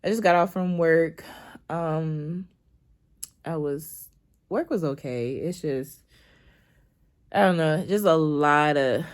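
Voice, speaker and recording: A woman's voice: low voice, slow pace, pauses often, clear, resonant tone. A woman, talking candidly and emotionally in a rambling, casual confessional vlog, swearing freely. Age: 20s. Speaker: vlogger.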